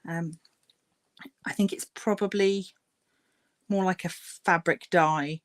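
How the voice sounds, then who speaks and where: A woman's voice: fairly low pitch, steady tone, slow, no echo. A woman hosting a crafting livestream, chatting casually with many fillers while she paints and murmurs to herself.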